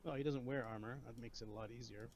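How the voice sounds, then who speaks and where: A man's voice: medium pitch, steady tone, a little mellow, dull audio. A man playing in a tabletop game, joking and asking rules questions. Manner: slow, gravelly, joking. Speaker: player. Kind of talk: casual tabletop play.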